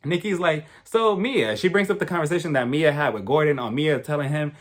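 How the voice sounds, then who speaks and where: A man's voice: a little high, brisk. A young man giving a casual, gossipy recap of a reality show and acting out what the cast said. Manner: animated, gossipy, acts out quotes. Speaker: reality TV reviewer.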